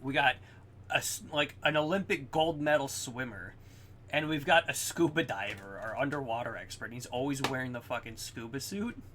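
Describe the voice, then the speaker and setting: A young man co-hosting a podcast in casual chat, excitedly recapping scenes, swearing often and acting out quotes. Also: medium pitch, normal speed, slight background noise. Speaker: podcast co-host.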